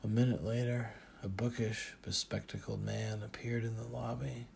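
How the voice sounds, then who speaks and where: A man narrating a first-person audiobook in a measured, dry manner. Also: on the low side, level tone, vocal fry, a little mellow, slight background noise.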